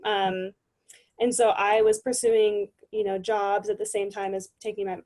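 A woman's voice: medium pitch, level tone, a little slow, darkish tone. Chatty young woman guest. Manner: chatty, many fillers. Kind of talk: casual interview chat.

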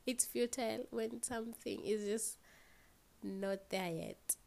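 A woman's voice: on the high side, fairly even intonation, takes it slowly, gravelly, a little mellow. A tired young woman with a Kenyan accent hosts a casual solo podcast, rambling, yawning and swearing freely as she switches between English and Swahili. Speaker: podcast host.

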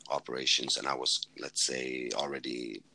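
Very deep flat-voiced Swedish man. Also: normal speed, vocal fry, low-quality recording. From Sweden. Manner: rambling, blunt, swears freely, many restarts. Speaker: podcast guest, former fighter and medic. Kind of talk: casual podcast storytelling.

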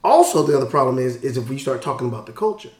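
A man's voice: mid-range voice, lively intonation, very fast, darkish tone, roomy sound. A man on a podcast making his point in earnest, profane conversation. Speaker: podcast co-host. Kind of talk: casual podcast discussion.

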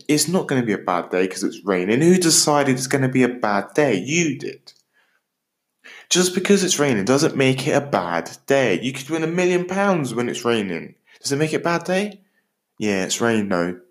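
Man from Britain, podcast host, upbeat motivational delivery, playful asides, average pitch. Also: normal speed. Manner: animated, jokey, talks straight to the listener.

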